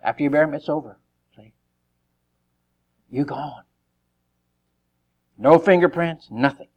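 Guy preaching a sermon, kinda high voice, jokey, acts stuff out. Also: measured pace, dull audio. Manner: lively, joking, acts out quotes.

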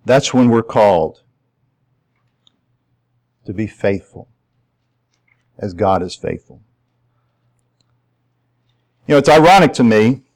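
A middle-aged man preaching a sermon as pastor, climbing to emphatic, ringing peaks and then dropping to quiet, intimate asides. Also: on the low side, expressive, slow pace, long pauses, poor audio.

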